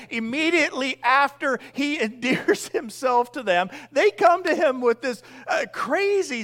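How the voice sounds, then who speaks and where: Male pastor, middle-aged, high-pitched and animated, sermon with acted-out voices. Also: creaky. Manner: animated, acts out the disciples' voices.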